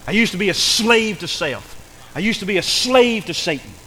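A man preaching a sermon in a church, emphatic and repetitive, dropping to a hush and then rising again. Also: high-pitched, very animated, moderate pace, in a large hall, slight background noise, poor audio. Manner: emphatic, repetitive, swings between loud and hushed.

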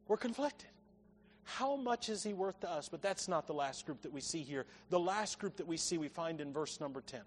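A man's voice: on the high side, lively intonation, brisk, few pauses, slight background noise. A male pastor preaching a sermon, building to emphatic points. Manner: preaching with rising emphasis and acted quotes. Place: church sanctuary. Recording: long reverb of a church hall.

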